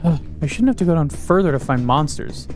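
A young man narrates his own game run, muttering to himself and cracking crude jokes. His voice sits a bit high for a man, and he jumps into startled yelps. Faint game music plays underneath. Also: animated, a little fast, a little mellow. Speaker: gaming YouTuber. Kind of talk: solo gaming commentary.

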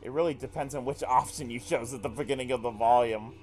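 A man's voice: medium pitch, fast talker, hardly any pauses, a little mellow, faint music behind. A man streaming a visual novel, reading the text aloud and reacting with frequent swearing. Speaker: let's play streamer.

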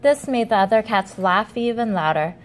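A woman reading a children's picture book aloud as storyteller, in an animated, expressive way. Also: medium pitch, moderate pace, slight background noise.

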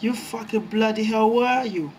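A young man commentating his own gameplay, excitable and jumpy, swearing often. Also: high-pitched, normal speed, slight background noise. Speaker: gaming YouTuber.

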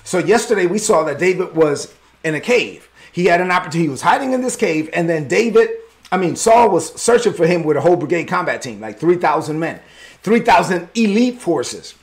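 High, gravelly-voiced male preacher. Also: a little fast. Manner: lively, conversational preaching with slang. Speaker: pastor. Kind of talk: sermon.

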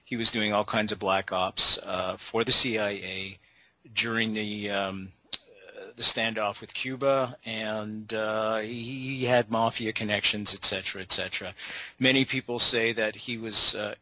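A man's voice: on the low side, steady tone, unhurried, bright, forceful tone, no room sound, poor audio. A male talk show host who breaks in to explain background directly to his listeners.

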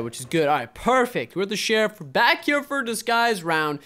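A young man giving casual, excitable commentary while playing a video game, talking to his viewers and often bursting into loud exclamations. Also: high voice, a little fast, hardly any pauses. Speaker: gaming video host.

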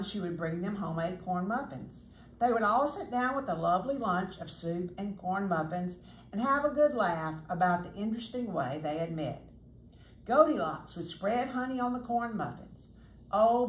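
A woman reading a children's picture book aloud as a chatty storyteller, pointing out the pictures as she goes. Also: mid-range voice. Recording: echoey room, faint noise.

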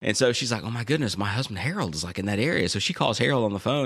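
Middle-aged guy on a podcast, quick talker, lowish voice, cracking dad jokes. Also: animated, a bit bright, breathy edge. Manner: dad-joke teller, playful. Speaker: podcast co-host. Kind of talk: casual chat.

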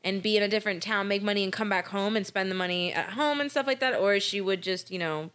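A woman's voice: medium pitch, quick pace, a bit bright. An American woman co-hosting a casual true-crime podcast, recapping a case with frequent swearing and laughter. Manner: irreverent, swears freely, laughs often. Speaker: podcast co-host.

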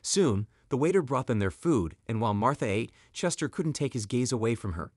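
A man's voice: medium pitch, very animated, moderate pace, breathy edge, dry recording, studio quality. A man reading a scripted story as narrator.

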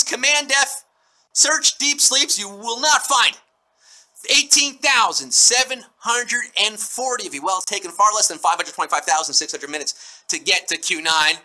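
A man's voice: high-pitched, bright, forceful tone, poor audio. A man hosting a live trivia game show, reading questions and answers in a playful, punning way and breaking into bits of song. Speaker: quiz show host.

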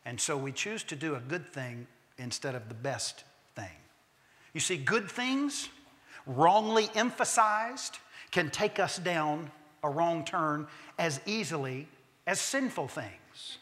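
A man preaching a sermon in a church, an emphatic storyteller who slows down for key points and drops humorous asides. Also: a little high, animated, fairly bright tone. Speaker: pastor. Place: church sanctuary. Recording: long reverb of a church sanctuary.

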